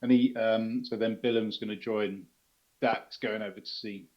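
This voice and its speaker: A man's voice: fairly low pitch, steady tone, moderate pace. A man playing a tabletop game, describing his character's actions hesitantly with many fillers. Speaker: player. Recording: muffled lo-fi mic.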